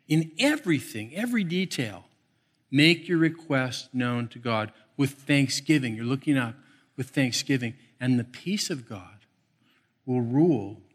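A middle-aged male pastor preaching a sermon, telling animated stories with playful asides. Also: mid-range voice.

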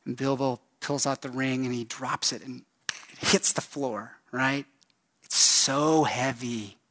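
A man's voice: medium pitch, level tone, measured pace, fairly bright tone. A male pastor preaching a sermon in an earnest, emphatic storytelling style with pleading appeals.

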